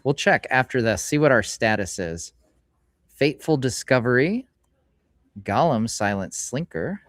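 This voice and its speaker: A middle-aged man hosts a casual live stream from a hobby store and rambles along as he opens packs. His voice sits at an ordinary middle pitch, and he slows down to read out each card name. The sound is close and dry, with little room echo. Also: sing-song. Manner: chatty and rambling, reads card names aloud in a slowed voice. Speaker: streamer host.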